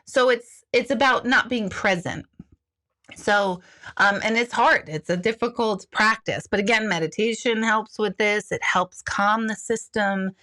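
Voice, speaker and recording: A middle-aged woman talks to her viewers in a loose, blunt, chatty way. She answers their questions as an intuitive coach. Her voice sits at a medium pitch, and she jumps into high, panicky voices when she acts out what someone is thinking. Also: measured pace, bright, forceful tone. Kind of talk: casual live talk.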